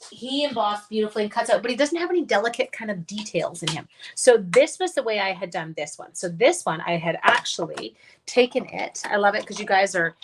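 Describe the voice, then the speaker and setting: Over some background noise, a woman with a mid-range voice chats casually during a live card-making demo, thinking out loud and greeting viewers while she works.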